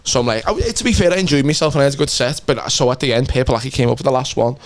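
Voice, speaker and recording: A man's voice: mid-range voice, very fast. A young man with a broad Scouse accent chats casually on a podcast, spinning loose, swear-laden stories and breaking into laughter. His voice sits in an ordinary middle register. The sound is dry and close, with no room echo. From Liverpool, England. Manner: rambling, sweary anecdote-telling with frequent laughs. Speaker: podcast co-host and stand-up comic. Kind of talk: casual chat.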